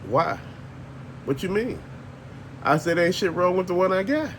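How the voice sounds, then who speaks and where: A man's voice: high voice, expressive, moderate pace, slight background noise. An older man, ranting bluntly and profanely as a channel host, laughing often. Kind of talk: casual ranting monologue.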